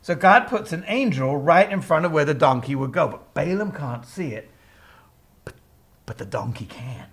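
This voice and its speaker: A man retelling a Bible story in a casual, animated way, laughing often and breaking into character voices. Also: a little high, moderate pace, slightly rough.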